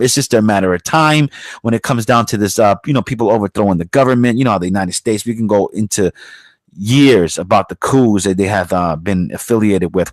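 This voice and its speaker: A man's voice: fairly low pitch, no room sound. A man hosting a podcast, giving a blunt, profane, rambling opinion monologue full of fillers and now and then mocking others in a raised put-on voice. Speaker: podcast host.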